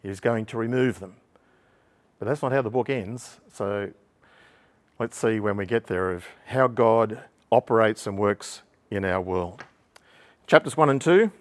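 A man preaching a sermon from the pulpit. He explains the text in a steady, teaching way, with a mid-range voice, and now and then he pauses with an um or clears his throat. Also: mid-range voice.

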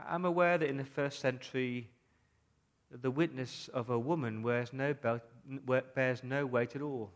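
A man's voice: mid-range voice, steady tone, voice pushed down, close to an everyday voice. A man voicing Mary Magdalene, earnest witness. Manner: earnest, halting, with emotional retelling. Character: Mary Magdalene, grieving then joyful female witness. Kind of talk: first-person dramatic monologue in a sermon.

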